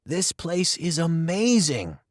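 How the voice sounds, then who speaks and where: A man voicing a gentle, good-natured country boy in a storybook reading. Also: a little high, very animated, slow, no echo, clean studio sound, pitched above the performer's own voice, exaggerated voice.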